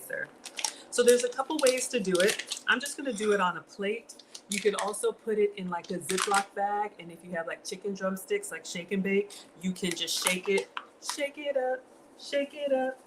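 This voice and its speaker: A middle-aged Southern US woman cooks in her home kitchen while chatting casually with live viewers, greeting them by name and reading their comments aloud. Her voice sits at medium pitch, with background noise audible.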